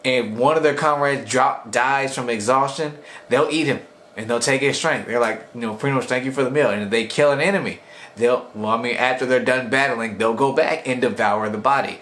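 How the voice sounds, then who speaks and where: A man's voice: mid-range voice, fairly quick, a bit bright. A young man casually reviewing an anime episode in a rambling, slangy way, often acting out the characters' lines.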